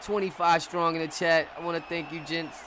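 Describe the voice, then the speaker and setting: A young man with a fairly high voice calls a simulated football game on a live stream. His delivery is loose and chatty, full of laughs and sudden shouts when plays go wrong. The recording carries a clear bed of noise behind him. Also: steady tone, fairly quick, a crowd in the background. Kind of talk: casual live stream commentary.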